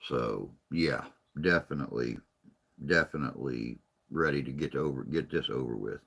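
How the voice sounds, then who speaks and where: A man's voice: extremely low pitch, normal speed, gravelly, fairly bright tone. A man chatting casually on a live stream, rambling and folksy, a little tired and unwell.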